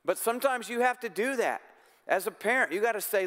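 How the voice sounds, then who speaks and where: A man's voice: sits high, expressive, brisk, fairly bright tone. A man preaching a sermon as pastor, talking in an earnest, conversational way. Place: church sanctuary. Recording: long church-hall reverb.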